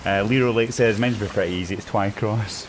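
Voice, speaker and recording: A man's voice: on the low side, steady tone, moderate pace, a little hiss or hum. A man streaming a game who reads out viewers' messages in a chatty, teasing way and laughs often. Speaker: streamer reading out chat. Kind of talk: casual gaming stream chat.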